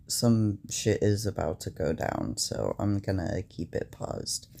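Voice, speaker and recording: A young man tells a personal story slowly and haltingly, his low, mellow voice often trailing into fillers. His tone is dark and a little gravelly throughout. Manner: halting, many fillers, recounting a stressful event.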